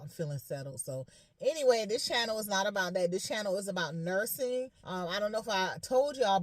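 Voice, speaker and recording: A young adult woman nurse, chatting and ranting to camera in a lively, frank way. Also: on the low side, no echo. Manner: chatty, animated, says "y'all" and "honey". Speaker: nurse and vlogger. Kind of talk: casual rant to camera.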